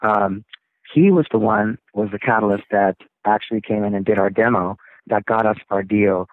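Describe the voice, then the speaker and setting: Man, rock singer, interview guest, low voice, rambling, phone-line sound. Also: normal speed, no room sound. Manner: rambling, animated storytelling with laughs. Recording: tinny phone line, dry.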